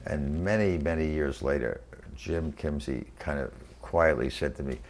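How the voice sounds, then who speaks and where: A man in his eighties from New York City, recalling his career in a halting oral history interview full of fillers and restarts. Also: rumbling low, gravelly, a little hiss or hum. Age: 80s. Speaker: interviewee, venture capitalist. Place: quiet room.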